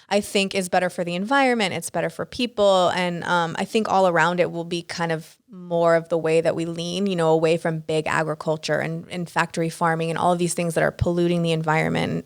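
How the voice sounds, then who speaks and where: A woman's voice: on the low side, gravelly, smooth. Chatty woman telling a story. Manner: chatty, many fillers and restarts; animated, acts out quoted people. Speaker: restaurant co-founder, guest. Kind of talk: casual interview storytelling.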